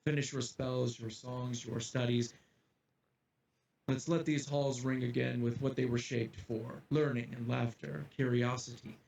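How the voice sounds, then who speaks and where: A man voicing a grave male headmaster who gives a solemn, measured address to his students, recorded from a distance in an echoey room with faint ambience. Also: mid-range voice, little pitch movement, creaky, a little mellow, a little hiss or hum.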